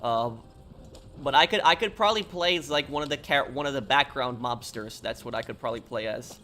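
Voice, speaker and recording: A man's voice: mid-range voice, brisk, pushed and bright, slight background noise. A man streaming a video game, chatting casually and rambling through answers to viewers' questions. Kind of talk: casual live-stream chat while gaming.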